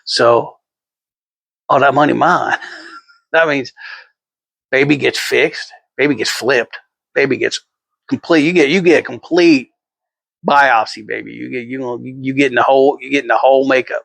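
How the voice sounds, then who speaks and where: A man's voice: mid-range voice, fairly even intonation, normal speed, vocal fry, long pauses, fairly bright tone, no echo. A middle-aged man rambling through a casual vlog monologue, swearing freely and chuckling often. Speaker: vlogger.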